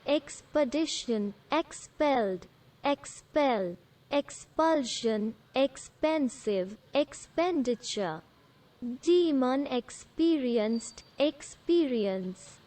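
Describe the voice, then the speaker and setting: A woman teaching English vocabulary, reading single words aloud one at a time with pauses between them. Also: high-pitched, a little mellow, low-quality recording. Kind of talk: reading a word list aloud.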